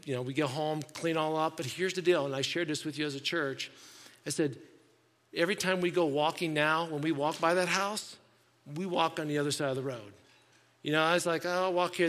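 A middle-aged male pastor gives a sermon in a conversational, storytelling manner, turning to the congregation with frequent asides. His voice is bright and forceful and sits somewhat high for a man. The sound has a long reverb tail from a large church hall.

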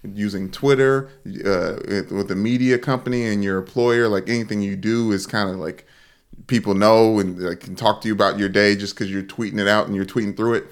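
A man co-hosting a sports podcast in casual chat, with a dry, deadpan humor. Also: fairly low pitch, a little fast. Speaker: podcast co-host.

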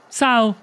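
A woman's voice: high-pitched, husky. A woman hosting a casual chat with her friend, talking in an emphatic, preachy way. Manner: animated, preachy and emphatic, acts out quotes. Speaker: podcast host.

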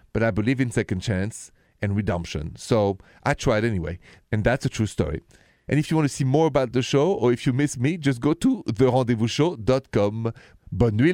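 A man's voice: mid-range voice, darkish tone, no room sound, studio quality. A man, hosting a late-night radio call-in show and confiding about his own dating life. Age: 50s. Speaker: radio host.

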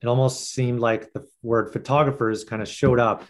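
A man speaking as a guest on a video call, earnest and halting, with many filler words. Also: mid-range voice, fairly even intonation. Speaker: photographer guest. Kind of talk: casual video call chat.

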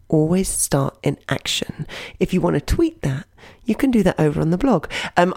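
A woman's voice: low-pitched, gravelly. A woman storytelling coach giving an audio blog lesson in a playful, direct manner. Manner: animated, playful, direct to listener.

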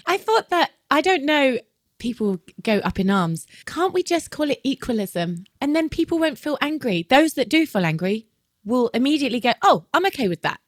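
A woman's voice: sits high, very animated, normal speed, no echo, clean studio sound. A woman hosting a casual interview, telling stories animatedly and acting out the people she quotes. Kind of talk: casual interview chat and storytelling.

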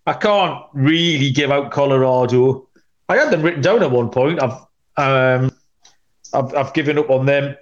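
A man's voice: medium pitch, normal speed, lo-fi sound. A man hosting a sports betting podcast, chatty and rambling with many ums, tossing in cheeky asides. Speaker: podcast host, betting analyst.

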